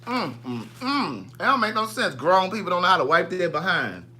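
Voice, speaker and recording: Animated, gossipy bright-voiced man. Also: high-pitched, normal speed. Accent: Southern US. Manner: gossipy, animated, reads viewer comments aloud. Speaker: livestream host. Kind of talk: casual livestream chat.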